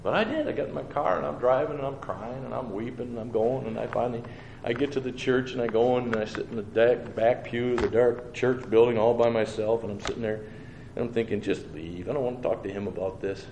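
A man's voice: mid-range voice, fairly even intonation, a little fast, creaky, darkish tone. A man who preaches, telling his personal testimony in an earnest, homespun way and acting out his own thoughts and replies. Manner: earnest storytelling with homespun phrasing. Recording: roomy with faint background noise.

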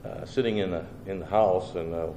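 A man's voice: deep voice, fairly even intonation, brisk, mellow. A man who preaches, telling his personal testimony in an earnest, homespun way and acting out his own thoughts and replies. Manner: earnest storytelling with homespun phrasing. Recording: roomy with faint background noise.

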